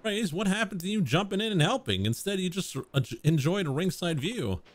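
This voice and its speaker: A man's voice: high-pitched, animated, fairly quick. A man voicing a blunt, exasperated tough guy while reading game dialogue aloud, using sarcastic, slangy talk close to his own voice.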